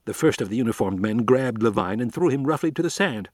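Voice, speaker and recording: A man narrates an audiobook in a steady, measured voice of ordinary middle pitch. The recording is close and dry, with no room sound around it. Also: no room sound. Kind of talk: scripted narration.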